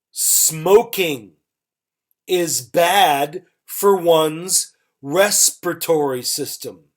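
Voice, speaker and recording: Very slow, deliberate English teacher. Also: female voice, sits low, darkish tone. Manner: slow, deliberate, repeats words and example sentences. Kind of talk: online vocabulary lesson.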